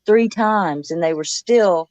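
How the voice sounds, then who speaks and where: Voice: mid-range voice, takes it slowly, a little mellow, dry recording, muffled recording. A speaker in a casual chat, telling family anecdotes with relish. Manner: chatty, tells anecdotes with relish.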